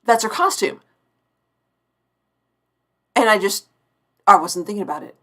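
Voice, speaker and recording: Expressive and fairly bright at medium pitch, a roughly forty-year-old woman hosts a TV review on a live stream at a measured pace. Chatty and effusive, she often restarts sentences partway through.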